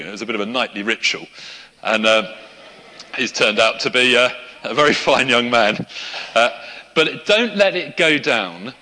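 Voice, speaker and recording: A middle-aged preacher speaks in a loose, conversational sermon style, full of asides. His voice is bright and forward at a middling pitch. A long hall reverb trails behind each phrase. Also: moderate pace. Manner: conversational, with asides and light laughter. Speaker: pastor. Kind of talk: sermon with a live demonstration.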